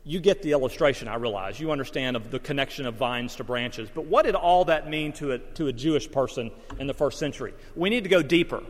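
A man's voice: mid-range voice, expressive, fast, few pauses, in a large hall. A man preaching a sermon as pastor, mixing folksy stories and self-deprecating humor with Bible teaching.

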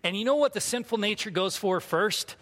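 A high-voiced man in his thirties preaches to his congregation in a candid, self-mocking storytelling manner. His voice carries a long reverb from the hall he speaks in. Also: brisk, fairly bright tone. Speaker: pastor. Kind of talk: sermon with personal story.

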